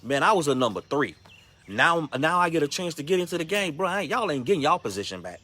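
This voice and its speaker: A man's voice: on the high side, sing-song, fast talker, pushed and bright. A man giving a motivational devotional talk, exhorting listeners in a repetitive, slangy coaching manner. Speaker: ministry speaker.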